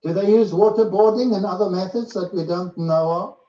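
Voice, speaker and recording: A man's voice: sits high, fairly quick, dark tone. A man preaching a sermon-style lecture, emphatic and full of rhetorical questions to his listeners. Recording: echoey, distant, muffled.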